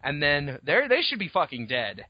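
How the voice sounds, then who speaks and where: A man co-hosting a podcast, retelling a story in a casual, profane, animated way on dull lo-fi audio. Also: a little high, normal speed, husky, no room sound. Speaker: podcast co-host. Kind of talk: casual chat.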